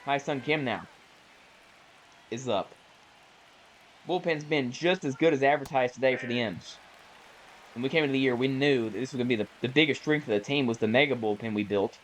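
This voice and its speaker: A man casually calling the plays of a baseball video game he is playing, chatty and self-correcting, with bursts of excitement on big plays. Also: medium pitch, a little fast, pauses often, slight background noise, low-quality recording. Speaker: gaming YouTuber. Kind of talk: casual play-by-play while gaming.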